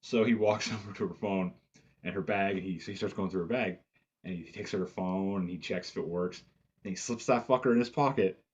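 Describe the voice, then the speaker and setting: A man's voice: low-pitched, a little fast, slightly rough. A man giving a casual, rambling, profane film review full of "like" fillers, recorded with dull lo-fi sound. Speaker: movie reviewer.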